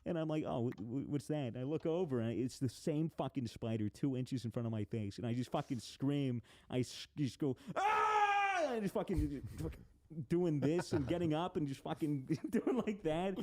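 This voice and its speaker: Male podcast host, mellow dark voice, casual and profane, animated storyteller. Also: on the high side, normal speed. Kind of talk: casual chat among friends.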